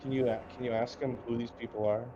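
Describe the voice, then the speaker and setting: A man playing a tabletop game who talks in a quick, rambling way and swears casually. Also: mid-range voice, little pitch movement, warm tone, muffled recording. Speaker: player.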